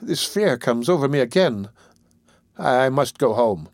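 A man's voice: medium pitch, lively intonation, a little slow, a little mellow, no room sound, studio quality. A man voicing a fearful young street woman in an audiobook reading, who talks in an agitated, hasty way with broken restarts. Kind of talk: audiobook character voice.

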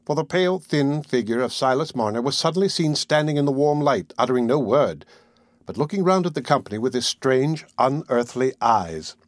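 A man reading a classic novel aloud as an audiobook narrator, measured and deliberate. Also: medium pitch, expressive, no echo, clean studio sound.

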